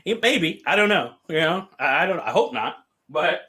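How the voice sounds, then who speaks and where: A man hosting a livestream, telling stories in a casual, drawn-out way and reading out chat. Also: a little high, sing-song, sharp tone. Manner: drawn-out, easygoing storytelling with quoted voices. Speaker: livestream host. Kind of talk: casual storytelling to live chat.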